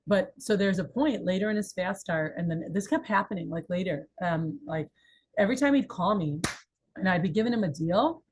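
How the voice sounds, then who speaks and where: Young female sales manager, coaching reps, animated storyteller, mid-pitched. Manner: animated storyteller acting out quotes. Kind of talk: sales training talk.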